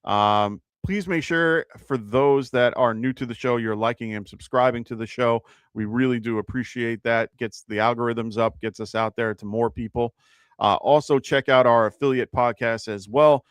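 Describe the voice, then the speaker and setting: A man's voice: mid-range voice, moderate pace, clear, resonant tone, dry recording. A man with a New York accent hosting a live fantasy football advice show, chatty and full of fillers and restarts.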